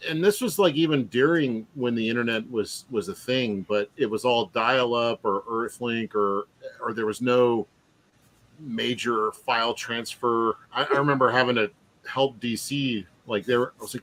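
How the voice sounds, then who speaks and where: A man co-hosting a casual chat among comic artists, joking at himself with halting restarts. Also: medium pitch, a bit bright. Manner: laughing, self-mocking, halting.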